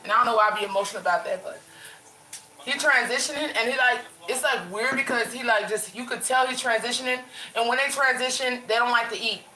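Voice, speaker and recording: A woman's voice: on the high side, fast talker, bright, forceful tone, roomy sound, poor audio. A woman chatting casually with viewers from her bedroom, talking in a loose, rambling way with a runny nose. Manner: chatty, addresses viewers as y'all, lots of restarts. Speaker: vlogger. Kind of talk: casual livestream chat.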